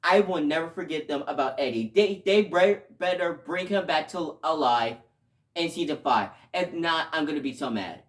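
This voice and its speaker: A man giving a casual video review, talking emotionally and rambling, with sudden loud outbursts between quieter stretches. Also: a little high, moderate pace. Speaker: show reviewer.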